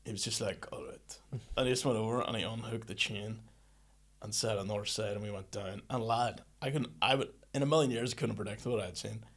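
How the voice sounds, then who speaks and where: A man's voice: lowish voice, brisk. A young man co-hosting a casual podcast, telling a story with slangy, joking banter. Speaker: podcast co-host.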